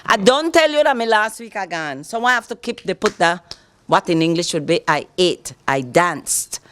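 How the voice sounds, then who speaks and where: A woman's voice: fairly low pitch, moderate pace, a bit bright, slight background noise. Teacherly woman with a Belizean Kriol accent. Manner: teacherly, checks understanding with "all right?". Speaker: guest, educator and Kriol activist. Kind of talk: casual interview explanation.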